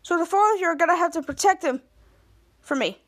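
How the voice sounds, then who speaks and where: Woman putting on a brash male superhero boss, bossy, dismissive, high and loud. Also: animated, brisk. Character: bossy boastful adult male superhero mentor.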